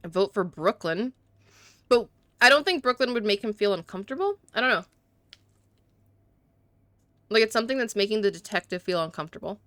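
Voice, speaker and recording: A woman's voice: mid-range voice, animated, brisk, long pauses, a bit bright, no echo. A woman streamer in casual game commentary, chatty and self-deprecating, talking to her chat on a close mic.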